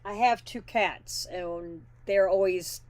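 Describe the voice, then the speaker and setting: A woman's voice: medium pitch, takes it slowly, a little mellow, no room sound. A woman hosting a trucking news show, reading stories and breaking off for blunt, opinionated asides in plain folksy talk. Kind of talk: casual news reading with commentary.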